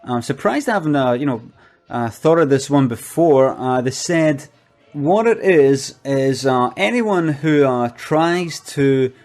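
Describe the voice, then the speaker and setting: A shifty product promoter, voiced by a man stumbles through his pitch in a middling, unremarkable voice. He hesitates constantly and stays deadpan throughout. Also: close to an everyday voice. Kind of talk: comic monologue.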